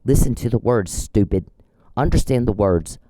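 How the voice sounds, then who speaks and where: A man with a low, mellow voice scolds an absent person in a long, profane rant. He is confrontational and repeats his demands again and again. The sound is dry and close. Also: expressive, normal speed, no echo, poor audio. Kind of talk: angry monologue addressed to an absent person.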